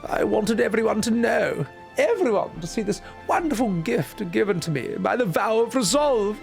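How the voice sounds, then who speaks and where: A fussy, grateful old woman from a fantasy game, put on by a man in a raised, swooping voice. She pleads in a theatrical, quavering way. A faint gravel sits under the put-on pitch. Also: expressive, moderate pace, faint music behind. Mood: distraught. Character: sweet elderly woman, grateful and distraught.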